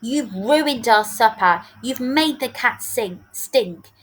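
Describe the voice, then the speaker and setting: A woman's voice: a little high, lively intonation, slow. A woman voicing an exasperated father scolding his child in a storybook.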